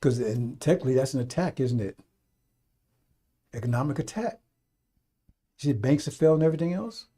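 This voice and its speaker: A man's voice: mid-range voice, lively intonation, brisk, pauses often, mellow, husky. A man talking on a radio stream, rambling and scolding in a folksy way, now and then mocking people in put-on voices. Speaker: radio preacher. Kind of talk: unscripted radio talk.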